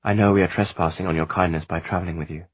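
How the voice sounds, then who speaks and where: A man's voice: deep voice, fairly even intonation, rapid-fire, slightly rough, no echo. A man voicing a polite, gracious young noblewoman who speaks courteously.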